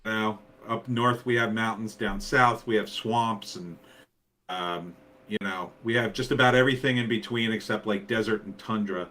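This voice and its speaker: Chatty New Jersey man, bright voice. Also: on the low side, moderate pace. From New Jersey, USA. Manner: rambling, chatty storyteller with many fillers. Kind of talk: casual chat.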